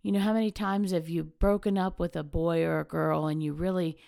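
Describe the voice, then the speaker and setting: Woman, middle-aged, low gravelly voice, dry close sound, candid storytelling host. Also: fairly even intonation, fairly quick, warm tone, no room sound. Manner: chatty storyteller, self-mocking and candid. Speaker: podcast host. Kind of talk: casual motivational monologue.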